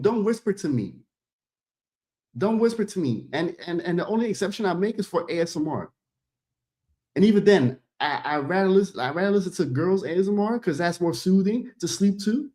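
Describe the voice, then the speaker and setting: A man streaming a casual, animated reaction, stumbling over his words and calling his audience "bro.". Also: sits high.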